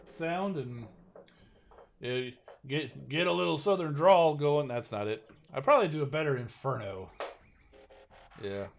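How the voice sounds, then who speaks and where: A man hosting a game live stream, chatting casually in an easygoing, self-deprecating way. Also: mid-range voice.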